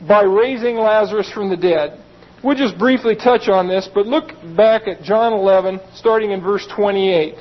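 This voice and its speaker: A man with a very high voice preaching a sermon. He reads Bible verses and breaks into plain, chatty explanations. The recording sounds dull and lo-fi. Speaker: pastor.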